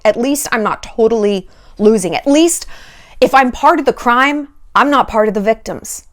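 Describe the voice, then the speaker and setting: Lively, sarcastic woman vlogger. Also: fairly high pitch, a little slow. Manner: animated, sarcastic, swears freely; acts out quoted voices. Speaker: dating advice vlogger. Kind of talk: casual commentary vlog.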